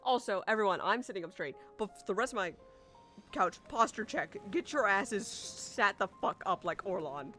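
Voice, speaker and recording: A woman's voice: medium pitch, lively intonation, normal speed, bright, forceful tone, soft background music. A young woman streaming a game and chatting with friends, playful, laughing often and swearing freely. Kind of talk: casual chat while gaming.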